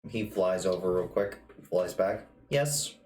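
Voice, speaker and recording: A man running a tabletop game as game master, narrating with a playful manner. His pitch moves a lot as he talks. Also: animated, takes it slowly, a little mellow.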